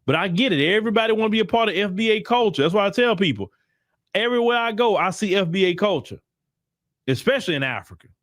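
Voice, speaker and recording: A man's voice: high voice, animated, fast, a bit bright, no room sound, clean studio sound. A man giving blunt, emphatic opinion commentary in casual slang, often repeating himself for emphasis. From United States. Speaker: commentary channel host.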